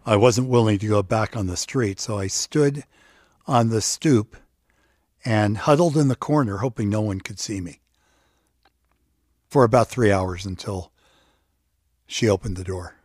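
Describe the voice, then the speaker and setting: A man telling a personal story in a reflective, halting way. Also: on the low side, darkish tone, no room sound, studio quality. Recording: produced podcast with music bed.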